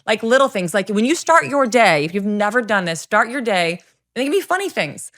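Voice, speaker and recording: A woman's voice: mid-range voice, a little fast. A middle-aged woman telling personal stories with earnest energy as a coach on a podcast, acting out what people said. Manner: animated, earnest storyteller who acts out quoted voices. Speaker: guest, confidence coach. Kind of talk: podcast interview storytelling.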